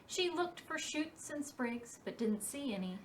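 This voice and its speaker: Woman, library storytime reader, picture book aloud, slow, lively pitch, fairly high voice. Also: recorded from a distance, slight background noise. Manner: slow and expressive, storybook cadence.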